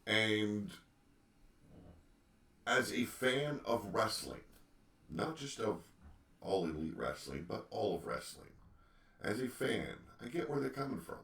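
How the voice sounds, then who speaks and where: Deep-voiced man ranting on a podcast. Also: animated, takes it slowly, gravelly, pauses often, a bit bright. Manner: ranting, emphatic rhetorical questions. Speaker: podcast host. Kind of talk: solo opinion podcast. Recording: echoey room, distant mic.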